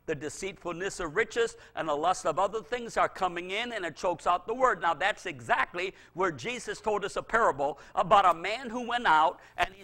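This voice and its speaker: A man's voice: high voice, bright, forceful tone. A middle-aged male pastor preaching a fervent sermon, repeating phrases for emphasis.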